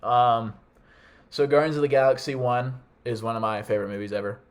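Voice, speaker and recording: A young man hosts a casual podcast in a quick, rushing voice of middle pitch. He is eager and excitable, and he hands the talk to each guest in turn. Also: clear, resonant tone. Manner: enthusiastic, calls on each guest by name. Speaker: podcast host. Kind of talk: casual chat.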